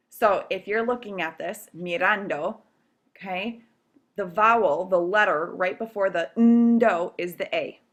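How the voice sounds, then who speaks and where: A woman teacher explaining grammar rules step by step in a recorded video lesson, patient and checking in with "okay?" often. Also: mid-range voice. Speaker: Spanish teacher.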